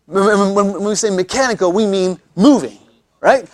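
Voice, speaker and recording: A man's voice: sits high, moderate pace, no room sound. A man teaching anatomy in a classroom lecture, joking with students and often repeating words as he restarts.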